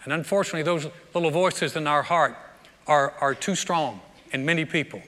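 Bright-voiced pastor preaching in a reverberant hall. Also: male voice, fairly high pitch, fairly quick. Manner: conversational preaching with frequent word repeats. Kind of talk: sermon. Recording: long reverb of a large hall.

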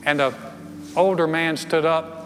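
Man preaching from the pulpit, slightly high voice, earnest storyteller, long hall reverb with soft music under it. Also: fairly even intonation, measured pace. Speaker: pastor. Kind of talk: sermon. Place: church sanctuary.

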